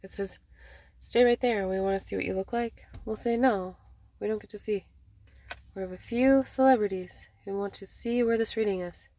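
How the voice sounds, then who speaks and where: A woman delivers a channeled card reading, wandering and repetitive, slipping in and out of quoted messages. Her voice has a gravelly, fry-tinged texture at an ordinary middle pitch. The sound is dry and close, with no room around it. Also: moderate pace, dark tone, dry recording. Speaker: spiritual card reader.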